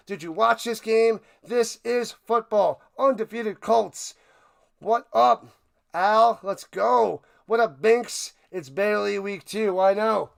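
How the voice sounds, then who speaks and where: Streamer host, male, high gravelly voice gone hoarse, breathless, shouting excitedly. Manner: hyped, shouting, repeats phrases. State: hoarse, losing his voice. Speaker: live-stream watch party host. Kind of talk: excited live-stream sports commentary.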